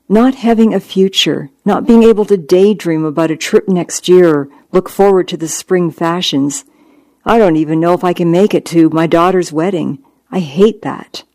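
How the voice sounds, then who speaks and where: A reader voicing a gracious, polished woman near death who speaks softly and apologizes for her tears in an audiobook. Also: fairly low pitch, no echo. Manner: soft, apologetic, teary. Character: dying middle-aged woman, gracious and polished. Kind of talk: audiobook narration.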